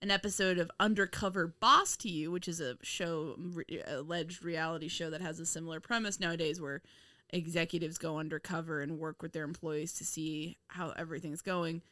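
A woman's voice: low-pitched, fairly even intonation, fairly quick, pushed and bright, no room sound, studio quality. A woman co-hosting a podcast, chatting casually about a TV episode, laughing often and teasing with exasperated swearing. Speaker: podcast co-host. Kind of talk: casual chat reviewing a TV episode.

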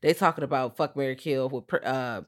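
A woman with a Southern US accent co-hosting a casual movie review podcast, telling the plot in an animated, profane way and acting out characters' lines. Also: a bass voice, a little fast. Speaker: podcast co-host.

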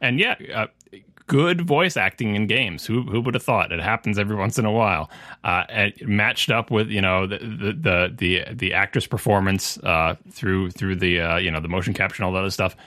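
Guy on a podcast panel, low-ish bright voice, dry close mic, rambling opinions. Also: moderate pace, no room sound. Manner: opinionated, talks in long runs with restarts. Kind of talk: casual podcast discussion.

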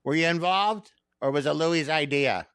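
A man's voice: a little high, moderate pace, fairly bright tone, clean tone, dry recording, studio quality, pitched above the performer's own voice. A man voicing his drunk, cruel father as a coaxing, interrogating figure. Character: drunk, cruel middle-aged father, menacing.

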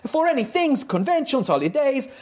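A man's voice: very animated, normal speed, a little mellow. A man reading out a letter in a put-on Italian accent, voicing an eager Italian fan in broken English. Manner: high, eager, sing-song.

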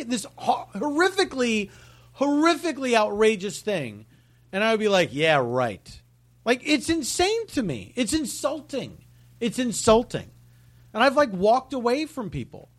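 A man as a podcast guest, talking casually in an emphatic, indignant way. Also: very high voice.

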